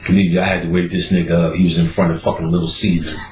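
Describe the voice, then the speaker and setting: A man's voice: low voice, level tone, fast talker, a little mellow, a little hiss or hum. A man hosting a podcast, telling a profane story in casual chat while laughing often. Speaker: podcast host. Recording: roomy echoey recording.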